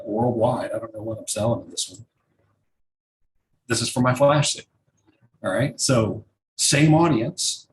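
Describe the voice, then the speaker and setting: A man's voice: on the low side, slight background noise, rough recording. A man teaching over a screen share in a loose, casual way, swearing and thinking aloud as he clicks through. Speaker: marketing instructor.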